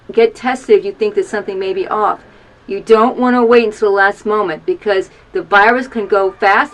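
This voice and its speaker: A woman in her fifties earnestly tells her HIV story to camera from a small video booth. Openly emotional, she repeatedly urges listeners to act, and her voice sometimes sinks low. The recording is rough.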